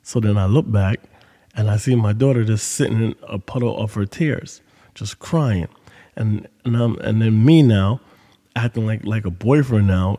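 A man's voice: on the low side, normal speed, mellow, big-room sound. A man hosting a podcast, telling a story in casual monologue with loose, profane street talk. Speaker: podcast host.

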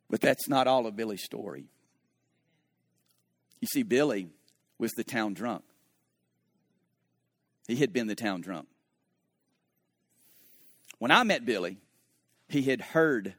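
A man who is a pastor, preaching a sermon and telling a story, moving between hushed, slow moments and lively, animated stretches. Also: mid-range voice, no room sound, studio quality.

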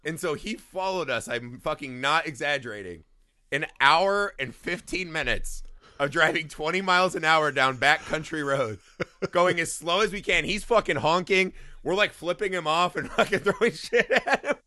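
Profane, animated American storyteller man. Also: on the high side, dry recording. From Indiana, USA. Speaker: podcast co-host. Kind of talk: casual chat.

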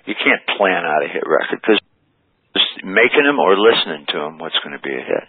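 Older male interview guest, deep and husky, rambling storyteller, tinny phone audio. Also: very animated, fairly quick, dry recording. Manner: rambling anecdotes with many fillers. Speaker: interview guest, rock musician. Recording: phone line.

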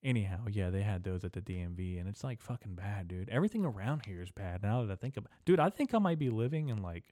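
A man's voice: lowish voice, animated, fast, warm tone, no room sound. A young man hosting a solo podcast, rambling and swearing in casual slang, talking into a studio mic on a stand in a small room. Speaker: podcast host. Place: small echoey room in an old building.

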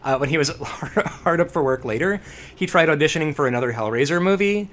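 A man co-hosting a podcast, chatting casually about horror movies, animated and profane with jokey asides. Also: fairly high pitch, fairly quick. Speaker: podcast co-host.

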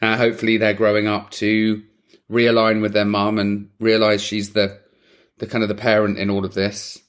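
Man, podcast co-host, lively casual chat, laughs easily. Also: fairly low pitch, moderate pace. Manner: animated, laughs often, acts out quotes.

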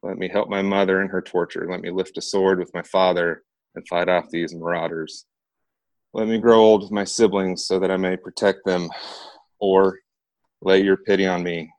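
A man voicing a terrified young woman who pleads for her family, his low voice pushed higher and strained. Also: no echo.

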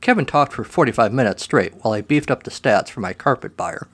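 A man's voice: mid-range voice, expressive, a little fast. A man reading a first-person short story aloud in a dry, wry way.

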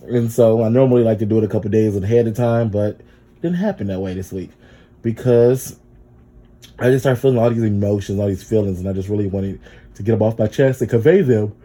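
A man's voice: fairly low pitch, brisk, warm tone, breathy edge. A young man hosting a casual solo podcast, chatty and rambling, with lots of fillers as he talks through his feelings. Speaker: podcast host.

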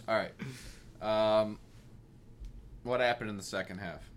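Co-host, male; dry deadpan teasing, short quips. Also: fairly low pitch, measured pace. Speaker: podcast co-host. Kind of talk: casual chat.

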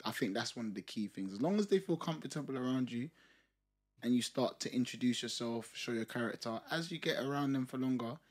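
A man's voice: mid-range voice, brisk, husky. A young man with a South London accent, chatting casually and laughing often in a podcast conversation. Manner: laughs often, animated banter. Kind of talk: casual chat.

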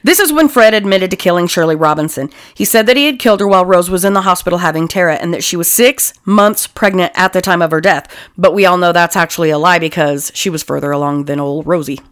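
A woman's voice: fairly low pitch, fast talker, few pauses, a bit bright, clear, resonant tone. A woman co-hosting a casual true-crime podcast, profane and jokey. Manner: profane, jokey, bursts into silly put-on accents. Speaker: podcast co-host.

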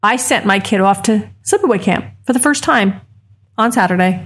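A woman in her thirties co-hosting a podcast, telling a story in a heated, animated way and acting out the other people's words. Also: mid-range voice, moderate pace, husky. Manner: ranting, animated storytelling with quoted voices. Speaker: podcast co-host. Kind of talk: casual chat.

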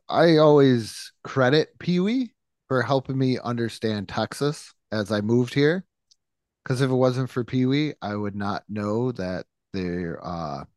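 Male podcast co-host from New York, mid-pitched, dry close mic, rambling storyteller who laughs a lot. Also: darkish tone, dry recording. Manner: chatty and rambling, laughs often, acts out quotes. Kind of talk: casual chat.

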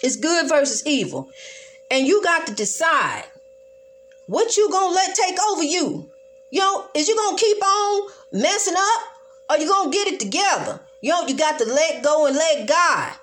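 A woman with a high voice delivers a fervent preaching monologue. She repeats her phrases in a rolling church cadence and talks loosely and directly to her listeners. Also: lively intonation, normal speed, fairly bright tone.

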